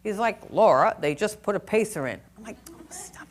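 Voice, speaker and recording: A woman's voice: medium pitch, animated, fairly quick. A middle-aged woman teaching a nursing review class in a chatty, folksy way, telling stories and acting out dialogue. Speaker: nursing exam review instructor. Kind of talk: lecture with personal anecdotes.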